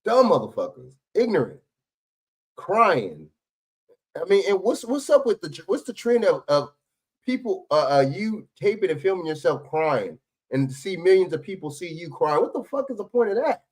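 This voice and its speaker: A man's voice: high-pitched, big pitch swings, moderate pace, a little mellow. A man hosting a livestream, arguing back at clips in blunt, profane casual commentary. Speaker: livestream host reacting to clips.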